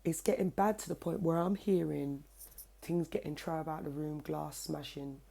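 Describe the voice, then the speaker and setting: A young woman, telling a story to camera in a casual, cheeky, animated way, swearing freely, at home. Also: deep voice, moderate pace, vocal fry. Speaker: vlogger. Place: at home, indoors by her kitchen window.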